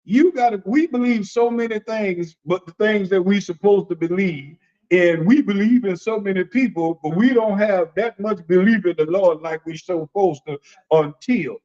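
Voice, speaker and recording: A man preaching conversationally as an apostle, folksy and animated, often repeating phrases and acting out the voices he quotes. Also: high-pitched, normal speed, lo-fi sound. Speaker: apostle and preacher leading a discussion.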